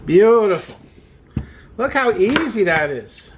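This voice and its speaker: An upbeat home cooking host walks through a recipe in a relaxed, chatty way, opening many lines with "hey" and calling things "wonderful". The voice sits at a middle pitch, and quips and laughter at their own jokes keep the tone light. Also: slow, noisy background. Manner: repeats praise like "wonderful". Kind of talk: casual cooking demonstration.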